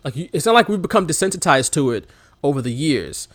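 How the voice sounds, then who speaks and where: A man talks casually and animatedly about old matches, his voice swooping high and low with a lively, expressive range. He sits fairly high for a male voice, and the recording is dry and close with no room sound. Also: fast talker, no room sound. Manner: animated, laughs often, mimics commentators' shouts. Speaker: podcast co-host. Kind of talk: casual wrestling chat.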